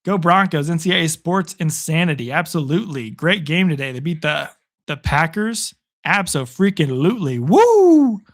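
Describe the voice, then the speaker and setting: Calling football play by play on a live stream, this young man from Arizona speaks at a moderate pace in a fairly high, hoarse voice worn down by a long day. He chats casually with viewers and gets excited when big plays happen.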